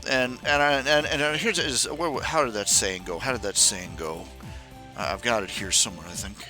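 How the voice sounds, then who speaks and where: With a mid-range, sharp-toned voice at a moderate pace, this podcast host delivers a casual rant on his talk stream, restarting often and mimicking his parents in raised, mocking tones. Soft music plays behind him, and the audio is poor.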